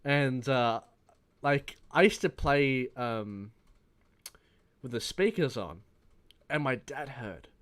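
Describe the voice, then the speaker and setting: A man's voice: mid-range voice, lively intonation, slow, long pauses, a bit bright. A man of about twenty with an Australian accent, telling a rambling, profane gaming story in a casual vlog. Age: around 20. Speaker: gaming YouTuber.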